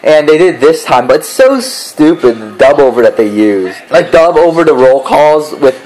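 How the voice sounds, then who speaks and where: A man's voice: a little high, big pitch swings, normal speed, a little mellow, rough recording. A man giving a casual spoken review, ranting in an exasperated, profane way. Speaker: show reviewer.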